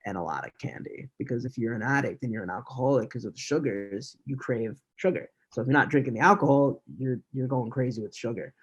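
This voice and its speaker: A man in his thirties, talking candidly as a podcast guest, with a pitch that sits mid-range for a man. He tells his story at a quick conversational pace and laughs now and then. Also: husky, lo-fi sound.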